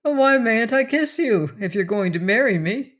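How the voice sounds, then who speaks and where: A woman voicing a good-humoured young man in an audiobook, teasing and gently insistent. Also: fairly high pitch, lively intonation, normal speed, voice pushed up. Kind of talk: audiobook character reading.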